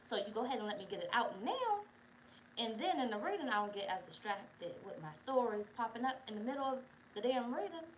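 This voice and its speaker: A woman's voice: fairly high pitch, big pitch swings, a little fast, a little hiss or hum, low-quality recording. A young woman hosting a casual tarot livestream, chatty, profane and digressive, bossing her viewers around. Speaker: tarot reader, channel host.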